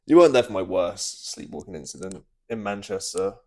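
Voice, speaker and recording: A man's voice: deep voice, animated, fairly quick, dark tone. A young man chatting casually on a podcast, easygoing and laughing at himself. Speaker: podcast guest, host's partner. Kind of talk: casual chat.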